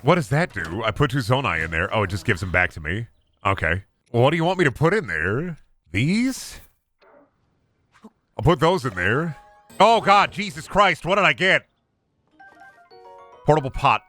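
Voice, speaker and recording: A young man giving casual, excitable play-by-play on a game stream, swearing freely and chatting to himself and his viewers. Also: medium pitch, normal speed, long pauses, faint music behind. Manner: excitable, swears a lot, talks to himself and chat. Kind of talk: casual gameplay commentary.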